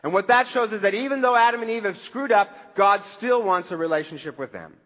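A man's voice: high voice, fairly quick, fairly bright tone, big-room sound, dull audio. A man preaching a conversational sermon as a pastor, with wry humor.

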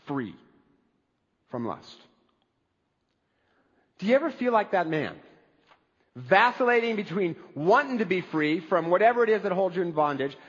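A man with a high, slightly breathy voice delivers a sermon, chatting with his congregation and leaning into lively asides. He sounds like he is in a church sanctuary with a long reverb trailing each phrase, and the recording is a bit dull. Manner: conversational preaching with animated asides. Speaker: pastor.

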